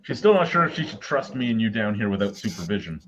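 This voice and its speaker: A man's voice: lowish voice, sing-song, quick pace, a loud crowd. A man hosting a casual beer chat over a video call, blunt and swearing as he rants through stories. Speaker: podcast host. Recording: dull lo-fi video call audio.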